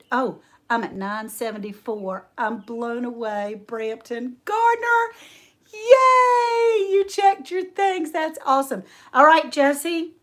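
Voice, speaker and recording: Female livestream host, slightly high voice, unhurried chatty delivery with frequent laughs. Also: a bit bright. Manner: chatty, laughs often, reads viewer names aloud. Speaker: homestead channel host. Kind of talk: casual livestream chat.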